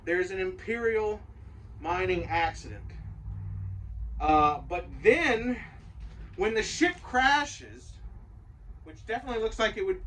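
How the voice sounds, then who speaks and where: A man with a rather high-pitched voice gives an opinionated, rambling show review, swearing freely. He sits some way from the mic. A faint hum of room noise runs underneath. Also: a little slow, long pauses, fairly bright tone, distant mic, poor audio. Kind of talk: casual spoken review.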